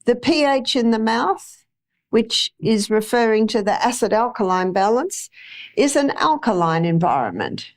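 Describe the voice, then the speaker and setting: A woman's voice: fairly high pitch, sing-song, moderate pace. A middle-aged woman giving a chatty health lecture to a live audience, with homely anecdotes and acted-out examples.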